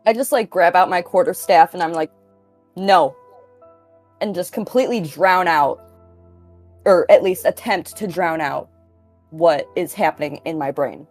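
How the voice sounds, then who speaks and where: A woman's voice: fairly low pitch, normal speed, a little mellow, soft background music. A woman playing a tabletop game, matter-of-factly describing her actions. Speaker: player.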